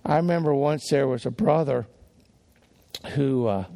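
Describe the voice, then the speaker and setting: A man's voice: mid-range voice, a little slow, vocal fry, dark tone. A man preaching a sermon as a pastor, talking conversationally with restarts and small chuckles, and rising to stress key words. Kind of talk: sermon teaching.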